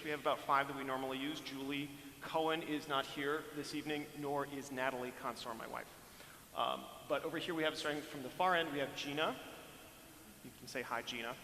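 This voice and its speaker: A man's voice: fairly high pitch, bright, forceful tone, slight background noise. A man, a church music director, giving a friendly, rambling live-streamed talk with many fillers and restarts, speaking on a microphone inside a large church. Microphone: handheld or stand microphone. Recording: echoey hall, faint room ambience.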